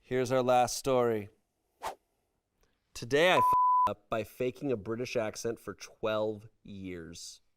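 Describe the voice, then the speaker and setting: A man's voice: medium pitch, wildly swooping pitch, measured pace, pauses often, background noise. A man hosting a casual comedic podcast, reading online stories aloud and adding wry, amused remarks. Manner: wry, amused commentary between read passages.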